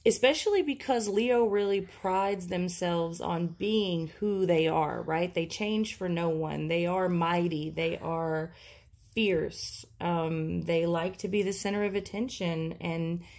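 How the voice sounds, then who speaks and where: A woman's voice: fairly low pitch, slow pace, a little mellow. A woman giving an intuitive tarot reading, talking casually and thinking aloud with many fillers. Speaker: tarot reader.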